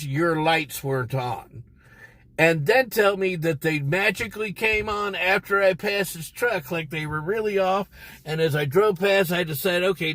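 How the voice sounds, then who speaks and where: A man's voice: high-pitched, a bit bright, no echo. A man telling a rambling, profane story on a casual livestream from inside his car. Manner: profane, rambling and irritated, heavy swearing. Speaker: livestream host.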